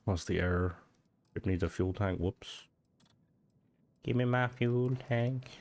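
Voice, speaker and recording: A man with a stuffy, nasal voice from hay fever. He gives casual game commentary and thinks out loud, often restarting his sentences. His voice sits on the low side. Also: slow pace, gravelly. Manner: rambling, thinking aloud with restarts. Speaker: gaming video host.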